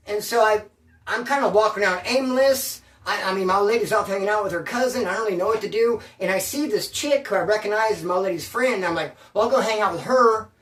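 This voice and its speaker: A man's voice: high voice, a bit bright, echoey room, recorded from a distance. A man telling a story from his past in casual, profane street slang, rambling and repeating himself.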